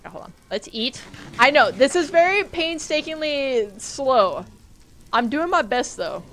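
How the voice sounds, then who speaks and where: A woman's voice: sits high, animated, measured pace, a bit bright. Jumpy young woman streaming a game. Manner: jumpy, swearing, talks to chat. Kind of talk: live gameplay stream chat.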